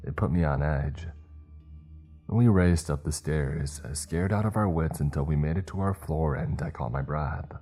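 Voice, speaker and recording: A man reading a horror story aloud in a steady, measured storytelling manner. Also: rumbling low, soft background music. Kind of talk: scripted horror narration.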